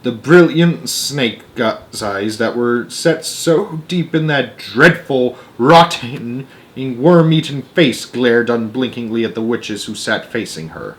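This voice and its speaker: A young man reading a children's novel aloud, expressive, with small slips and restarts. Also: mid-range voice, slow pace. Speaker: storyteller.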